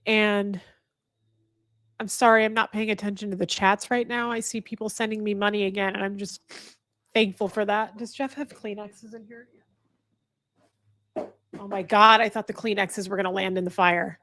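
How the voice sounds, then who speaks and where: Earnest halting woman streamer. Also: medium pitch, level tone, fairly bright tone, dry recording. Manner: halting, earnest, restarts often. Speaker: livestream host. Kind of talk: candid emotional talk to viewers. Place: indoor room with a fire.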